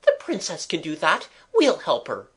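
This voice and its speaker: A man's voice: a little high, wildly swooping pitch, normal speed, fairly bright tone, husky, voice pushed up, exaggerated voice. A man doing a gushing, officious creature lady. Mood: effusive. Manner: effusive, confidential whisper. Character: gushing female scarecrow-like creature, officious and gossipy.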